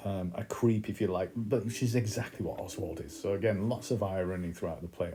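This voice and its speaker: A man's voice: sits low, warm tone. A man teaching literature, talking through a play in a conversational way with fillers and restarts. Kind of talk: explaining a play in a recorded lesson.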